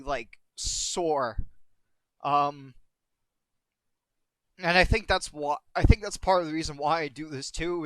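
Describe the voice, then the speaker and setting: A man with a slightly high, smooth and resonant voice talks on a live stream, halting and repeating himself as he fights back tears. The sound is dry and close, with no room around it. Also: a bit bright, dry recording. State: tearful, on the verge of crying. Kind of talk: emotional live-stream monologue.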